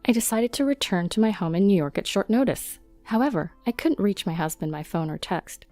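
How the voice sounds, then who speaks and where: A woman narrating a first-person story in a steady, matter-of-fact way. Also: mid-range voice, dry recording.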